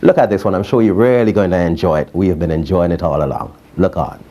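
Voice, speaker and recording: A man hosting a TV show, introducing the next act in a measured, plain presenting manner. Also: deep voice, mellow. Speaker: TV show host.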